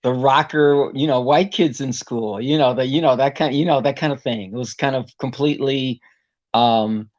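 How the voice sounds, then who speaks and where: Male guest vocalist, loose chatty storyteller who leans on fillers, mid-pitched, a bit muffled recording. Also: moderate pace, darkish tone. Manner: rambling, heavy with "you know" fillers. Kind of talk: casual interview storytelling.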